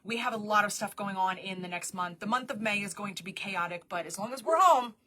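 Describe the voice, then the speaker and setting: A woman running a casual live stream for her shop, chatty and quick to laugh. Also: medium pitch, a crowd in the background.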